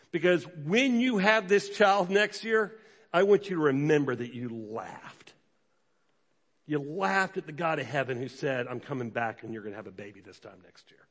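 A pastor preaching a sermon, animated and conversational, slipping into quick quoted voices for the people in the story. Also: male voice, fairly high pitch. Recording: long hall reverb.

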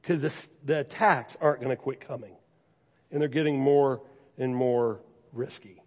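A man's voice: mid-range voice, steady tone, normal speed, a little mellow. A man preaching a sermon as pastor, speaking earnestly and conversationally, repeating key phrases to urge his listeners on. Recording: long reverb from a large hall.

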